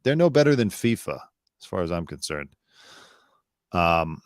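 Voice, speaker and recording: A man's voice: low-pitched, very animated, normal speed, pauses often, dry recording, clean studio sound. A man hosting a live news commentary show, blunt, sarcastic and opinionated, talking loosely with fillers and asides.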